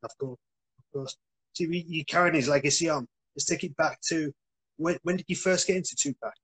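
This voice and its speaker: Male host, husky, slightly high voice, brief nods and quick questions. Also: fairly bright tone. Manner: short affirmations and quick questions. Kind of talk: casual interview.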